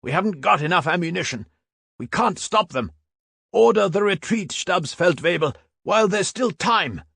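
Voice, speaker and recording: A man's voice: mid-range voice, lively intonation, moderate pace, creaky, fairly bright tone, breathy edge, no echo, studio quality, voice pushed up, full character voice. A man reading an audiobook, voicing a hardened veteran soldier who speaks bluntly and urgently. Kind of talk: audiobook narration.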